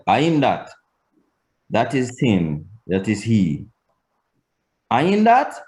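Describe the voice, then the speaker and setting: A man teaching a language lesson, explaining slowly and deliberately, swinging his pitch to demonstrate. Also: a little mellow.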